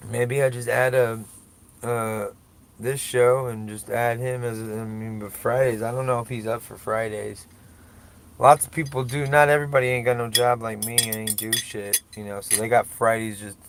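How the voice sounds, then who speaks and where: Gravelly rambling man. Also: medium pitch, level tone, normal speed. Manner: rambling, profane, self-mocking. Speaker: podcast host. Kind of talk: casual solo podcast rambling.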